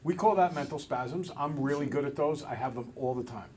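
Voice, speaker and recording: A male math teacher in a classroom, relaxed and a little self-deprecating, talking through each step aloud. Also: mid-range voice, brisk, a crowd in the background. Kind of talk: classroom lesson. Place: school classroom with students.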